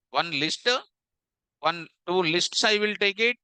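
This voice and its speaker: A man's voice: a little high, lively intonation, unhurried, sharp tone, smooth, no room sound, poor audio. A man teaching programming in a live coding lecture, repeating phrases and drilling students with rhetorical questions.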